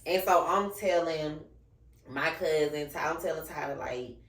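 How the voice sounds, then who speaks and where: A woman hosting a podcast, chatting casually and telling a personal story in an animated way, acting out the voices of the people she quotes. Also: sits low, a little slow. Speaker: podcast host. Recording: roomy echo, mic at a distance.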